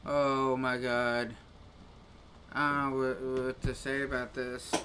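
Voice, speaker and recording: A man's voice: mid-range voice, little pitch movement, takes it slowly, sharp tone, a little hiss or hum. A man grumbling casually to his live-stream chat while he plays a game, with exasperated little rants.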